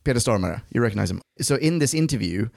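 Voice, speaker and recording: A man's voice: medium pitch, lively intonation, fast, gravelly, darkish tone, no echo, studio quality. A man co-hosting a casual review podcast, rambling through anecdotes, swearing and laughing often. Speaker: podcast co-host. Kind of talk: casual chat reviewing an audio drama.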